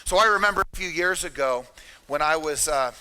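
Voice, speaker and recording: A middle-aged man giving an energetic, emphatic motivational talk at a seminar, speaking straight to his audience. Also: a little high, fairly quick, smooth. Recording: reverberant hall.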